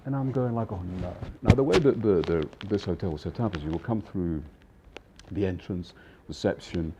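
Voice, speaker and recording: A man in his fifties, a chef, telling a casual anecdote in an animated way, acting out voices and laughing often. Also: deep voice, moderate pace, very noisy. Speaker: chef and storyteller.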